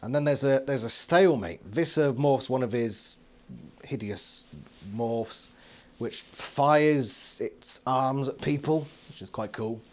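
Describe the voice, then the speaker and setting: A man's voice: mid-range voice, takes it slowly. A British man giving a casual, sarcastic book review from his living room, swearing freely and laughing often.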